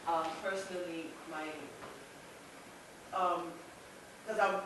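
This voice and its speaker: A woman's voice: lowish voice, steady tone, takes it slowly. A woman sharing a personal story in a church group, speaking hesitantly with many fillers and restarts. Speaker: group member. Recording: echoey room, mic far off, some noise.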